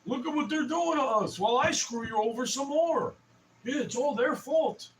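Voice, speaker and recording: A man's voice: extremely high pitch, moderate pace, distant mic, a little hiss or hum, pitched above the performer's own voice, low-quality recording. A young man putting on a mocking voice of a blustering, scapegoating male politician.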